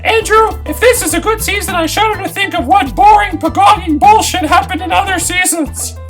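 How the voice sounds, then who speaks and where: A man's voice: extremely high pitch, moderate pace, fairly bright tone, soft background music, pitched above the performer's own voice. A man voicing an angry young woman juror who rants bitterly and sarcastically.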